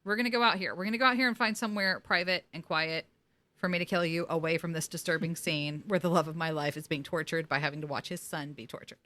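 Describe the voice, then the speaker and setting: A woman's voice: fairly low pitch, fairly even intonation, fast talker, bright, forceful tone, pitched below the performer's own voice. Woman mocking a sulky goddess huntress.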